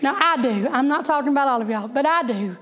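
A middle-aged woman, teaching a Bible class through chatty, animated stories with laughing asides. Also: high voice, fast talker, in a large hall, lo-fi sound. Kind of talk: storytelling Bible lesson.

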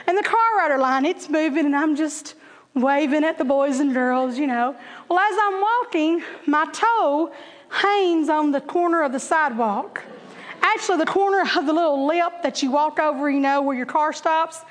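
A woman, a teacher, telling a humorous personal story to an audience in an animated, laughing way, acting out the voices of the people in it. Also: sits high, normal speed. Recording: long hall reverb.

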